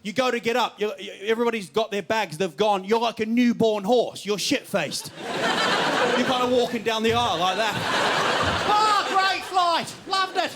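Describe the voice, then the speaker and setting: High-voiced New Zealand stand-up comic. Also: male voice, a little fast. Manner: rambling, laughing, doing silly voices. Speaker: stand-up comedian. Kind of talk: stand-up comedy. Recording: noisy stage recording.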